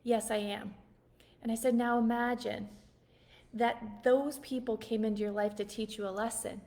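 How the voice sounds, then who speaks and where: A middle-aged woman, a life coach, telling a personal story in a casual, animated, emphatic way. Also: fairly high pitch, moderate pace. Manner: animated, emphatic storytelling that drops soft for quoted dialogue.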